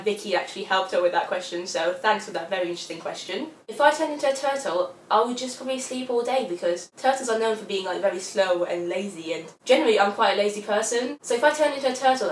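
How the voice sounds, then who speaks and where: A woman in her twenties answering viewer questions in a casual, upbeat vlog, full of fillers and quick asides. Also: mid-range voice, far from the mic, slight background noise. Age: 20s. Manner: chatty, upbeat, with frequent fillers. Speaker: vlogger. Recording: echoey room, mic set back.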